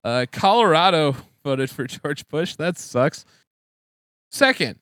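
A young man co-hosting a casual comedy podcast, rambling and excitable, laughing often. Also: on the high side, slow pace, no room sound, studio quality. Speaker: podcast co-host.

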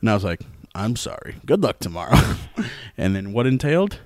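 A man's voice: fairly low pitch, sing-song, normal speed, darkish tone, no echo, studio quality. A young man hosting a casual sports podcast, telling stories loosely with lots of swearing and laughter. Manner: loose, profane, storytelling, laughs often. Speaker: podcast host.

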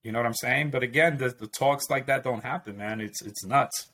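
A man in casual conversation, telling stories and acting out what people said with emphatic, lively delivery. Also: mid-range voice, a little fast. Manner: emphatic storytelling with acted quotes. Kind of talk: casual chat.

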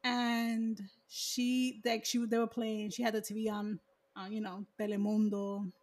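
A woman's voice: mid-range voice, flat delivery, unhurried, a little mellow. A woman chatting casually, rambling with lots of "like" and "you know". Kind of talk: casual chat.

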